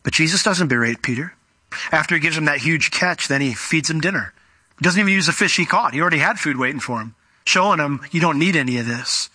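Bright, conversational male preacher. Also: fairly high pitch, animated, quick pace, slightly rough, dry recording. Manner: conversational storytelling preacher, acts out Bible characters in voices. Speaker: pastor. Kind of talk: sermon.

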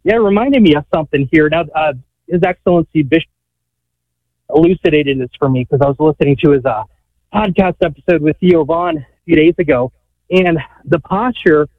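A man's voice: a little high, fairly quick, no room sound. A man calling in to a radio show, out of breath while working, asking his question earnestly with many fillers. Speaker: caller. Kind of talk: call-in radio talk. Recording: tinny phone line.

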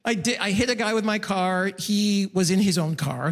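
A man performing a stand-up comedy set, animated and jumping into high excited yelps when he acts things out. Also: normal speed, hardly any pauses. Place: comedy club stage. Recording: live show in a reverberant venue.

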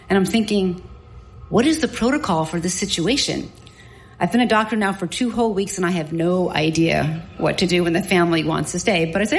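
A woman doctor telling a personal story in a lively, self-mocking, vivid way. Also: mid-range voice, brisk, reverberant, rough recording. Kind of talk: live storytelling.

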